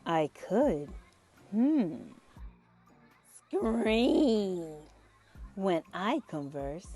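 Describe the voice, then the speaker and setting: A woman's voice: medium pitch, sing-song, dark tone, faint music behind, exaggerated voice. A woman doing a rhyming old mummy teacher. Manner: speaks in rhyme, slow and teacherly.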